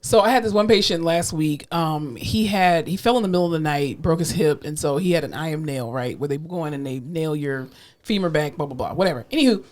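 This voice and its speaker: A woman co-hosting a podcast, telling patient stories in casual chat, acting out the voices in her quotes and laughing often, candid and profane. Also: fairly quick. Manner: animated, acts out quotes with big pitch jumps, laughs often. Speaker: podcast co-host, rehab therapist.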